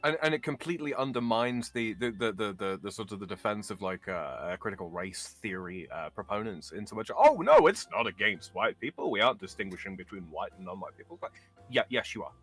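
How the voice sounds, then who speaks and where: Bright-voiced man, halting and measured. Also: on the low side, soft background music. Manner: halting, many fillers and restarts, measured argument. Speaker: podcast guest. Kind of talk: casual political chat.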